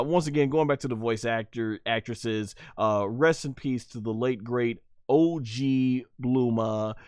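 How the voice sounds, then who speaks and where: A young man streaming a live anime fight breakdown, reading chat, excitable and laughing often. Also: mid-range voice, clear, resonant tone, no echo, clean studio sound.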